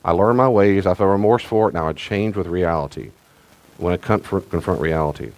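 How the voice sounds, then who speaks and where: A man's voice: low voice, a little fast, a little mellow. A middle-aged man, a pastor, teaching in a conversational, rambling way with restarts and asides. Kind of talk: sermon-style teaching talk.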